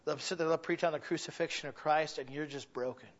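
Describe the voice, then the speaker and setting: A man preaching a sermon as pastor, shifting from quiet, near-whispered passages to loud, exclaiming ones. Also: on the high side, steady tone, fast, muffled recording. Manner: swings from hushed and intimate to loud and exclaiming.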